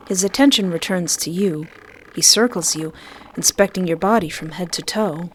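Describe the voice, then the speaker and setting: A woman reading a visual novel aloud and reacting to it on her channel, with excitable, laughing reactions. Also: lowish voice, slight background noise. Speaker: game streamer.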